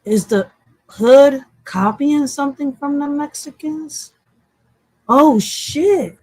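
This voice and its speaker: Her voice sits high with a darkish tone, and she takes it slowly, recorded with no echo. This Puerto Rican-background woman from Philadelphia co-hosts a casual talk show, blunt, freely profane, and often laughing.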